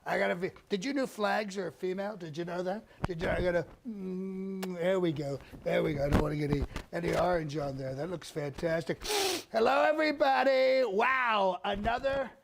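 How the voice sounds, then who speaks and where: A man's voice: high voice, animated, moderate pace, creaky, few pauses, background noise, pitched above the performer's own voice. A man doing a comedic impression of a vain, boastful older male politician who repeats himself and fusses over his staging.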